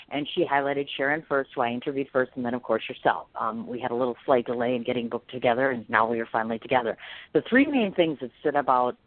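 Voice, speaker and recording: A woman hosting an interview podcast, effusive and gushing in her praise. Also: rumbling low. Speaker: podcast host. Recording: phone-like line, dry.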